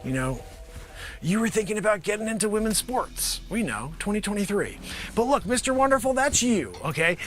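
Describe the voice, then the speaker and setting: A man doing an improvised comedy monologue, rambling and animated, sometimes shouting. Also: sits high, brisk. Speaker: comedian host. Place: home studio with green screen.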